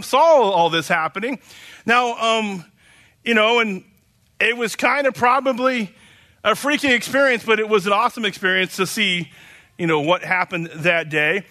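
A man's voice: sits high, sharp tone. A man from Oklahoma preaching a casual sermon, rambling and chatty with many fillers and restarts.

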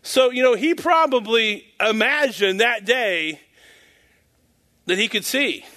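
High bright voiced guy preaching, rambly and folksy, laughs at his own jokes. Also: lively intonation, takes it slowly. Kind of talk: informal sermon.

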